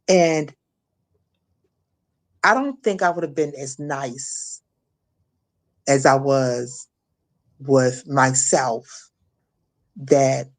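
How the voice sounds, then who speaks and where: A middle-aged woman from Maryland giving an emotional personal testimony as an interview guest, halting, repeating words and acting out what others said. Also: rumbling low. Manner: halting, repeats words, acts out quoted voices. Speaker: guest, shooting survivor.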